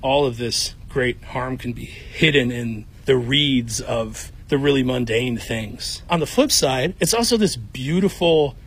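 A man's voice: medium pitch, lively intonation, measured pace, fairly bright tone, slightly rough. A man from Chicago with a Chicago accent, a podcaster talking playfully in a casual interview.

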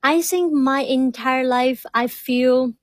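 A woman's voice: high voice, takes it slowly, dry recording, rough recording. A woman graduate student speaking earnestly and reflectively in an interview, stuttering by repeating words. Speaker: doctoral student guest.

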